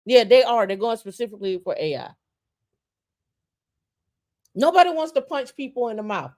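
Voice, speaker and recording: Pitched on the high side with big swings, this woman speaks at normal speed in a darkish tone and pauses often. She's a podcast co-host ranting passionately in casual opinion talk, repeating phrases for emphasis and stumbling into restarts when she gets heated.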